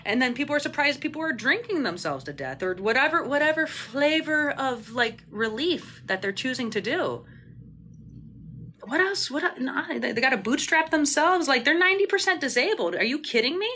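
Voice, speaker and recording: A woman's voice: high-pitched, expressive, moderate pace, bright, forceful tone, a little hiss or hum. A woman mutual aid organizer on a phone livestream, talking passionately and indignantly, swearing freely and rambling with restarts. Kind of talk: livestream Q&A rant.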